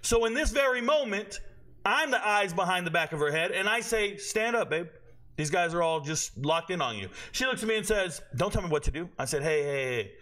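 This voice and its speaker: A man's voice: high-pitched, expressive, brisk, pushed and bright. A man hosting his channel, telling a story in a blunt, boastful way and acting out what people said. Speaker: channel host. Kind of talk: storytelling monologue.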